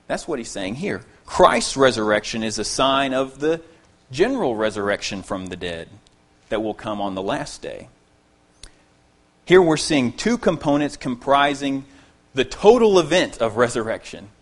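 A man delivering an expository sermon with an ordinary mid-range voice. He is earnest and emphatic, pressing hard on key phrases, repeating them, and then dropping to quieter asides. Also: medium pitch, big pitch swings, moderate pace. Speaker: preacher.

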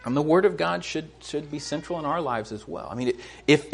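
A man preaches a sermon earnestly, often repeating words as he begins a phrase and lifting his pitch to drive a point home. His delivery is animated and fairly quick, gravelly with a breathy edge, and hardly pauses.

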